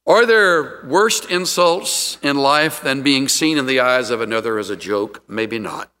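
A middle-aged man preaching a sermon, telling stories with sudden jumps in pitch. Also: lively intonation, normal speed, hardly any pauses, sharp tone, long reverb tail. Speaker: pastor.

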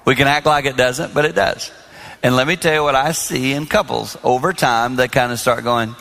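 This is a man in his sixties, a pastor, preaching about marriage to a large crowd in a hall, telling stories and performing the dialogue with animation. He has a gravelly, mid-range voice, and long reverb from the hall fills the recording.

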